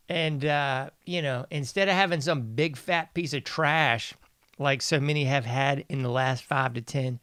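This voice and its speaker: A man's voice: mid-range voice, fairly bright tone, dry recording, studio quality. A man hosting a casual news commentary show, mocking and sarcastic, laughing often. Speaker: podcast host.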